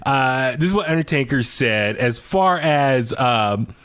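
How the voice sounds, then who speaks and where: A man's voice: mid-range voice, lively intonation, a little slow, fairly bright tone, clean tone. A man hosting a podcast in casual chat, rambling with many fillers and restarts as he reads quotes aloud. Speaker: podcast host.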